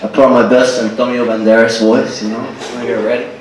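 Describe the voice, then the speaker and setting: A man doing a stand-up comedy set, animated and throwing in character voices and Spanish phrases. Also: medium pitch, quick pace, a little hiss or hum. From Cuban family. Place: stage at a live show with audience. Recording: echoey room, distant live recording with crowd. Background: audience laughing.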